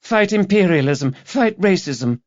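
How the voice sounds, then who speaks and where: A prickly teenage student activist with a high, shrill, preachy voice, as a male narrator puts her on. She chants slogans and argues hard. The recording sounds dull and dry, with no room around it. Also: expressive, measured pace, a little mellow, no echo. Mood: preachy, strident. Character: strident young female student activist, 18 or 19, militant and prickly.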